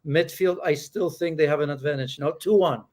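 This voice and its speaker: A man's voice: a little high, fairly quick, a little mellow. A man from Poland whose native language is Polish, giving predictions and joking about himself. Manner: joking, self-deprecating. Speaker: football pundit.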